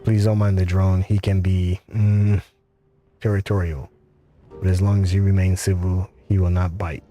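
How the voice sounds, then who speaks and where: A man's voice: fairly low pitch, dark tone, soft background music, lightly acted. Man doing a cultured Russian engineer. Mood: polite. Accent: faint Russian, put on. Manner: polite, measured, courteous. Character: cultured middle-aged male Russian engineer, pleasant.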